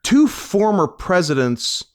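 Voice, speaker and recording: A man's voice: sits high, big pitch swings, slow. A man co-hosting a casual comedy podcast, joking and laughing often and trailing off into ums. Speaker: podcast co-host.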